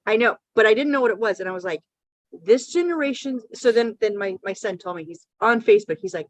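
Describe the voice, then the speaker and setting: A woman's voice: mid-range voice, lively intonation, quick pace. Profane middle-aged woman ranting. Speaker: podcast co-host. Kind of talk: casual chat.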